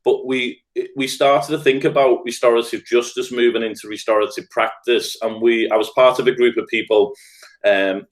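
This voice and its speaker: A middle-aged man with a Scouse accent, speaking earnestly and thoughtfully as a podcast guest. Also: mid-range voice. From Liverpool, England. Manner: earnest, thoughtful, builds points in lists. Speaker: guest, restorative practice trainer. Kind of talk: reflective podcast conversation.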